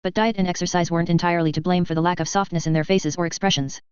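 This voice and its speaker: Female audiobook narrator; steady, measured, crisp voice on a slightly dull recording. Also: fairly low pitch, no room sound. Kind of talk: first-person audiobook narration.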